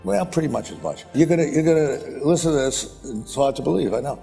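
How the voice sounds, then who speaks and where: Older man, mellow voice, rambling blunt anecdote, long hall reverb, faint music. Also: animated, a little fast, gravelly, breathy edge. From United States. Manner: rambling, blunt and profane, with repeated "boom, boom, boom". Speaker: investor speaking at a conference. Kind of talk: anecdotal storytelling. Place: conference stage.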